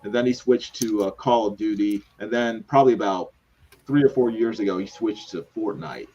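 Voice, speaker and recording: A man chatting casually in a laid-back, hesitant way, with many pauses and ums. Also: lowish voice, mellow. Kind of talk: casual chat. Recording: dull lo-fi sound.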